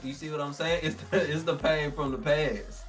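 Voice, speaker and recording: A man's voice: fairly high pitch, steady tone, moderate pace, recorded from a distance, faint music behind. A man teaching a scripture lesson. He reads the old text aloud, then explains it in casual slang and acts out the voices he quotes. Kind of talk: informal religious teaching.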